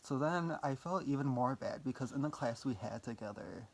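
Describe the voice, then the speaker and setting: A young man with a gravelly, fry-edged voice tells a personal story to camera in a loose, rambling vlog. He fills his talk with "like" and casual swearing and keeps cutting himself down. His pitch sits in an ordinary middle range for a man. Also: lively intonation, moderate pace. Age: young adult. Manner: rambling, filler-heavy, self-deprecating, swears casually. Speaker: vlogger.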